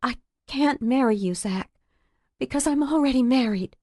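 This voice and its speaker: A woman's voice: high voice, moderate pace, warm tone, no room sound, studio quality, voice pushed up. A woman voicing a guarded young woman with a hidden past, speaking hesitantly in a raised, tight voice in a romance audiobook. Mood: anguished. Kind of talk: audiobook character voice.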